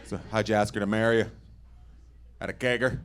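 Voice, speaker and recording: A man doing stand-up comedy, teasing the crowd loudly with crude banter from a club stage. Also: lowish voice, level tone, fairly quick. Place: comedy club stage before a live audience. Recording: live club recording with noise.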